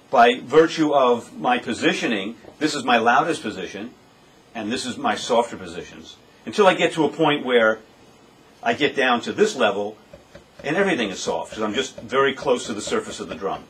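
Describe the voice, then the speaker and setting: A man's voice: mid-range voice, fairly bright tone. A man giving a drum lesson, explaining step by step and calling out the strokes aloud as he plays. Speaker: drum teacher. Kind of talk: demonstration lesson. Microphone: webcam. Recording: webcam recording with noticeable background noise.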